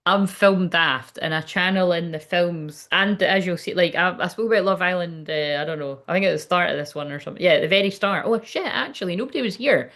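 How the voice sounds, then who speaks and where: A woman's voice: lowish voice, fairly quick, few pauses, a bit bright. A woman giving a casual livestreamed card reading, chatty and rambling, swearing freely. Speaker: tarot card reader.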